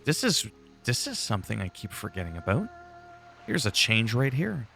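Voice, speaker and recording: A man with a low, heavily gravelly voice rambles casually while he plays, chatty and free with his swearing. Faint game music plays underneath his talk. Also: wildly swooping pitch, normal speed, sharp tone. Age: adult, long-time player. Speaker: gaming channel host. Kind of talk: casual gameplay commentary.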